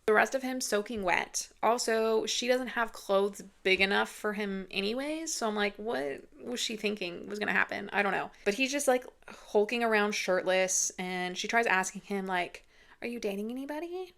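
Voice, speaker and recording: Gravelly-voiced woman ranting about a book. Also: mid-range voice, moderate pace, fairly bright tone. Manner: chatty retelling full of "like", acting out quotes. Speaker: book reviewer. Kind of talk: casual book review rant.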